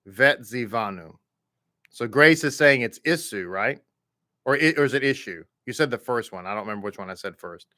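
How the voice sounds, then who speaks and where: A Texan man leads an online reading class, chatty and relaxed, drawing words out and repeating them for his students. His voice is bright and forward, and the sound is very dry and close to the mic. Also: medium pitch, no room sound. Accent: Texas. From American South. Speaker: Hebrew reading teacher.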